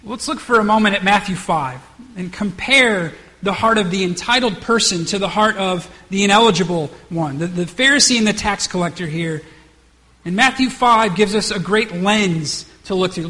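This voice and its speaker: A man's voice: high voice, pushed and bright, long reverb tail. A man preaching a sermon, acting out the characters' lines and often restarting his words. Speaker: pastor.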